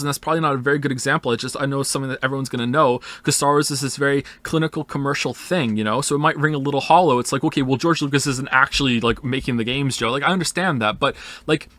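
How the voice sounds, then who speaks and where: Guy streamer ranting at chat, bright voice, kinda high, dry close mic, swears a lot. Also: very fast, hardly any pauses, no echo. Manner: rambling, profane, emphatic; acts out imagined voices in quotes. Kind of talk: casual chat responding to viewers.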